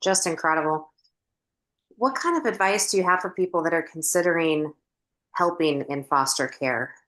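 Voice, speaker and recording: A woman hosting a wellness podcast who asks her guest questions gently. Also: deep voice, moderate pace. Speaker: podcast host. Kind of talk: interview questions.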